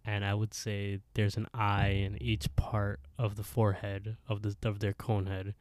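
A man's voice: fairly low pitch, completely flat delivery, moderate pace, a little mellow, no echo. A man co-hosting a podcast, animatedly retelling a story in casual chat and laughing often. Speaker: podcast co-host.

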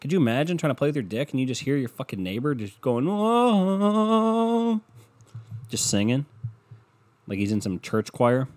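This young man, medium-pitched with a darkish tone, hosts a podcast alone using a podcast microphone. He rants casually and rambles, swearing heavily and sounding sarcastic throughout.

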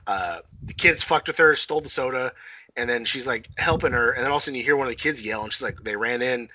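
A man's voice: on the high side, lively intonation, brisk, bright, forceful tone, no room sound, dull audio. A man casually recapping a film on a podcast, rambling and swearing, often acting out quotes and laughing. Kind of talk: casual chat.

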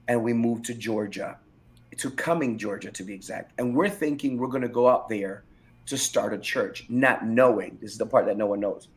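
Emphatic middle-aged pastor telling his story. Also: medium pitch. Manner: animated, emphatic storytelling with repeated phrases. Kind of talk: candid interview, personal testimony.

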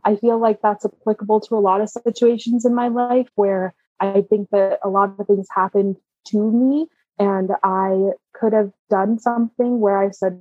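A woman's voice: medium pitch, fairly even intonation, measured pace, slightly rough, no room sound, highs cut off. A woman guest candidly telling a personal story, open and emotional, often laughing. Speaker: interview guest.

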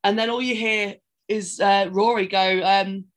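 A woman's voice: medium pitch, fairly even intonation, unhurried, few pauses. A woman co-hosting a podcast, casually retelling film scenes in a rambling way and acting out the characters' lines. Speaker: podcast co-host. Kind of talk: casual film recap chat.

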